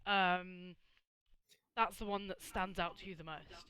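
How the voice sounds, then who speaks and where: A game master narrating a tabletop role-playing session. The voice is bright and clear, and the talk falters with ums and restarts as the scene unfolds. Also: mid-range voice, fairly even intonation, measured pace. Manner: hesitant, many ums and restarts.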